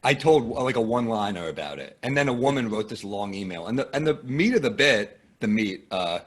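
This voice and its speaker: A man's voice: on the low side, lively intonation, fairly quick, slightly rough. A man from the United States with an American accent, a comedian guesting on a podcast and telling self-deprecating anecdotes. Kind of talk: casual interview chat.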